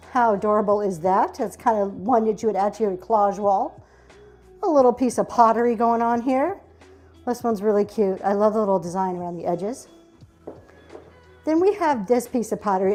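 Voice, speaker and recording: A woman's voice: fairly high pitch, mellow. Chatty woman selling vintage goods live. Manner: chatty, gushes over each item; says "y'all" and "um" often. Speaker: online reseller hosting a live auction show. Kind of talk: casual live-stream sales pitch.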